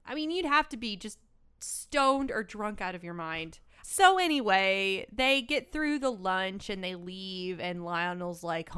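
A woman co-hosts a casual film podcast with a smooth, clear voice. She is animated, exclaiming often and breaking into laughter as she talks. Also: mid-range voice, measured pace. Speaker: podcast co-host. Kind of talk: casual film-review chat.

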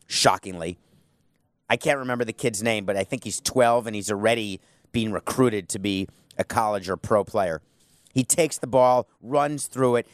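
A man talks in a loose, opinionated commentary style with quick self-deprecating jokes. His voice sits at an ordinary middle pitch. The sound is dry and close, with no room around it. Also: dry recording.

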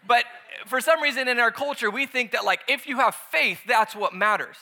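A man preaching a sermon, lively and conversational, acting out voices when he tells stories. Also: very high voice, moderate pace. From United States. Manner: animated, acts out voices in anecdotes. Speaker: pastor.

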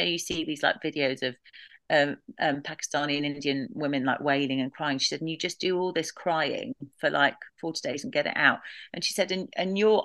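A woman's voice: low voice, a bit bright, no room sound. A woman guest telling a personal story of grief and gratitude in a candid, reflective way, quoting what others said to her. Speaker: podcast guest.

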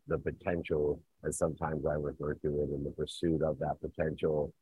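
A man's voice: very deep voice, husky, no echo. A male interviewer asking long, earnest, rambling questions. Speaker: interviewer host. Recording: dry, tinny phone-like line.

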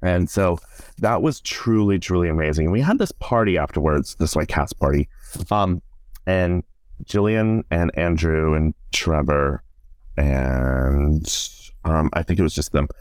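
Man, deep voice, dry close sound, animated interview storytelling, middle-aged. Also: measured pace, dry recording. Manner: animated, chatty, full of "like" and acted-out quotes. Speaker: guest, stage performer and director. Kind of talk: casual podcast interview storytelling.

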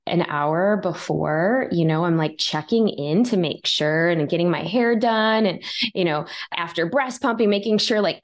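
Lively storytelling woman, lowish voice. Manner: animated, acts out her own quoted lines. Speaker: guest author. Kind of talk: storytelling in a podcast interview.

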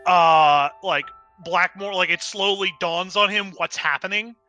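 A man's voice: high-pitched, a little slow, bright, forceful tone, dull audio, soft background music. A man describing his character's actions as a player, thinking aloud with many fillers. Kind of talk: casual role-play description.

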